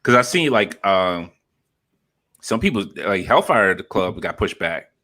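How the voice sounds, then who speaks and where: A man's voice: low voice, measured pace. A man co-hosting a podcast in loose, profane chat, laughing often and sometimes dropping into a joking whisper. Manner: profane, animated, laughs often, drops into a mock ASMR whisper. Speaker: podcast co-host. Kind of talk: casual chat.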